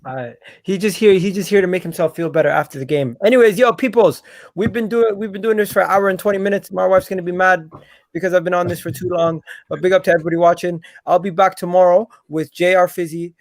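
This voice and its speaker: A man's voice: high voice, fast talker, no room sound. A man hosting a live football reaction stream, calling out to his guests and reading comments in a casual chat. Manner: energetic, calls out to guests. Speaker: stream host.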